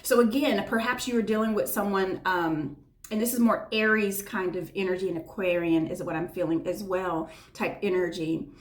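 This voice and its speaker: A woman's voice: medium pitch, steady tone, normal speed. A woman giving a tarot reading to her viewers, talking in an effusive, emotional way and often checking in with "right?". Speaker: tarot reader. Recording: echoey room.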